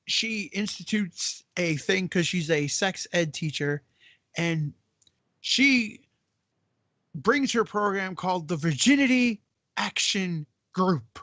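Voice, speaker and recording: A man's voice: high voice, sharp tone, no echo. A man hosting a casual movie-riff chat, ranting and swearing in exasperation. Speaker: podcast host.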